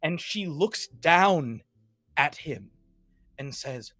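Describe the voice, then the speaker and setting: A man narrating a tabletop game as game master, in a casual, animated way. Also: medium pitch, unhurried, soft background music.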